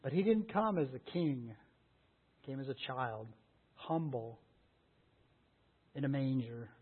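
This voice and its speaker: A man's voice: medium pitch, lively intonation, measured pace, husky. A man preaching a sermon as a pastor, earnest and full of rhetorical questions. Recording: tinny phone-like sound.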